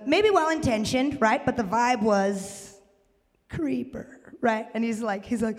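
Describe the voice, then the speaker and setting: A woman works a live crowd in a stand-up comedy set. Her delivery is animated, and she breaks into loud shouted bits for the punchlines. The sound is roomy, with a long reverb trailing behind her in the venue. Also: mid-range voice, a little slow, gravelly.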